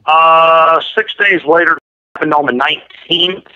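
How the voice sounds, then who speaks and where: A man's voice: a little high, fairly even intonation, unhurried. A man giving an interview and telling a story in a blunt, matter-of-fact, detailed way. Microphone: prison phone line. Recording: muffled lo-fi line.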